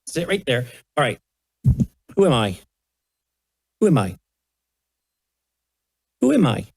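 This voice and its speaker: An older man talks softly to a toddler in a studio, his voice rising and falling in a lively, singsong way. He coaxes and prompts with gentle baby talk. His pitch sits in the middle. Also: takes it slowly, gravelly, husky, no room sound. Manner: soft coaxing baby talk. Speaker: host. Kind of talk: casual chat with a toddler on air. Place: broadcast studio at a news desk.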